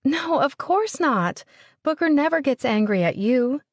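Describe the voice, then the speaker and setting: A woman voicing a caring young woman who talks gently and reassuringly. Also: high voice, very animated, measured pace, dry recording, clean studio sound, voice pushed up, heavily acted.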